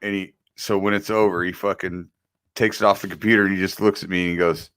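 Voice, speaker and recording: A man's voice: sits low, level tone, quick pace, a bit bright, clear, resonant tone, dry recording. A man in his forties co-hosting a podcast, telling candid, profane stories in casual chat. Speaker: podcast co-host.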